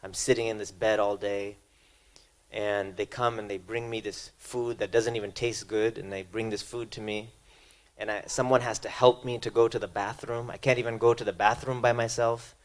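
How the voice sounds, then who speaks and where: A man's voice: flat delivery, moderate pace, natural voice. A man voicing a bitter bedridden old patient. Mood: bitter, complaining. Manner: complaining, grim and low.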